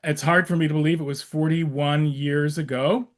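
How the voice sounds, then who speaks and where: A man in his sixties, a rabbi, teaches adults over a video call, his voice sitting high for a man. He talks in a loose, chatty way, circling back with restarts and small wry asides. Fillers break up most of his sentences. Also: steady tone, moderate pace.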